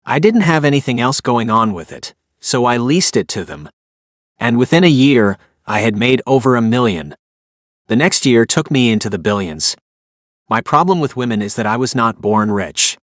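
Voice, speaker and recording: A man's voice: medium pitch, animated, normal speed, no echo, studio quality, lightly acted. A man voicing a plain-spoken, self-deprecating country man who suddenly became rich, in an audiobook. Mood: earnest.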